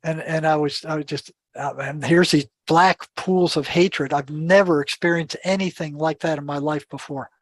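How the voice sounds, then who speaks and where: A man's voice: a little high, normal speed, hardly any pauses, dry recording. Older man telling a vivid story. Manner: animated storyteller who acts out dialogue; repeats words and restarts sentences. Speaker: podcast guest. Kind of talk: storytelling in an interview.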